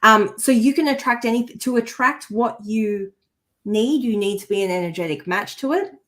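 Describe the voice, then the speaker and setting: A woman's voice: a little high, normal speed. Earnest woman co-host, heartfelt coaching. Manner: restarts sentences while searching for words. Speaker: co-host and energy healer. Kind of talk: casual podcast chat.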